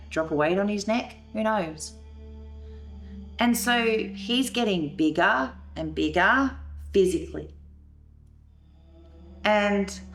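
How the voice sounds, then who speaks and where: A woman telling a painful family story in a documentary interview, acting out the scenes with emotion. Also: low-pitched. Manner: emotional, re-enacting scenes with rising voice. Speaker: veteran's wife telling her story.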